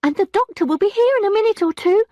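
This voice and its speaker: A woman's voice: extremely high pitch, lively intonation, fast talker, darkish tone, dry recording, pitched above the performer's own voice. A woman voicing an anxious young female servant who urgently pleads with her mistress.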